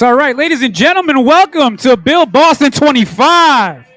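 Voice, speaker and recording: Guy yelling to pump up the crowd, really high-pitched, heard from far off. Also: animated, normal speed, no room sound, faint music behind. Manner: loud, hyping the crowd. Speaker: event announcer.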